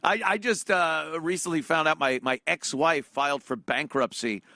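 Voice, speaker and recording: A man's voice: on the high side, moderate pace, vocal fry, pushed and bright, no echo. A man hosting a podcast, chatting bluntly and profanely, laughing often. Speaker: podcast host. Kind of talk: casual podcast chat.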